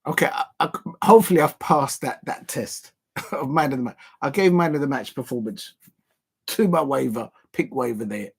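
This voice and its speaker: A young man's husky voice, at a typical male pitch, carries a relaxed football watch-along livestream. He chats in a loose, animated manner, laughing often and circling back to his catchphrases.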